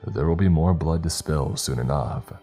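A man's voice: a bass voice, normal speed, faint music behind. A man voicing a smug, cold male doctor who runs a villainous plot. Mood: pleased. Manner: calm, approving.

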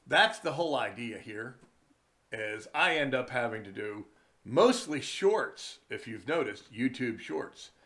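A man with a mid-pitched voice tells stories at an unhurried, drawn-out pace. His delivery is chatty and wry, like a charter captain spinning yarns. He speaks from a room indoors. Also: pushed and bright. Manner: slow, chatty, wry storytelling. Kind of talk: casual storytelling vlog.

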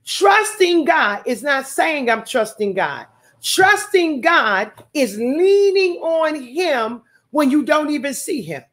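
A woman's voice: high-pitched, lively intonation, slow pace, fairly bright tone. A woman preacher giving a sermon, repeating phrases and calling out hallelujahs to the congregation.

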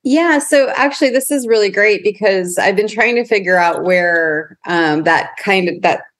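A woman's voice: medium pitch, normal speed, a bit bright. A woman hosting a podcast interview, thinking aloud and asking probing questions. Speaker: podcast host. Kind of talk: interview conversation.

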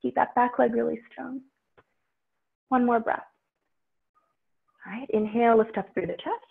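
A woman's voice: on the high side, measured pace, creaky. Woman guiding yoga over tinny audio. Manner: calm, instructive cueing of breath and poses. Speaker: yoga instructor. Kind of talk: guided yoga class.

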